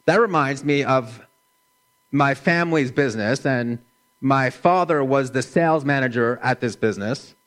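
A middle-aged man preaching a sermon in a slow, gentle, measured way, dropping his voice softly for emphasis. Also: medium pitch. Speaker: pastor.

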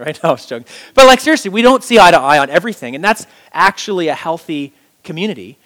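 A man in his thirties, a pastor giving a conversational sermon in an animated, chatty way, with many fillers and restarts. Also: a little high.

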